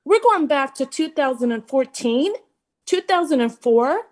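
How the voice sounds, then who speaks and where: Frustrated, blunt, high-voiced woman. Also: expressive, unhurried, a little mellow. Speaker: public commenter. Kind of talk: public comment at a city meeting.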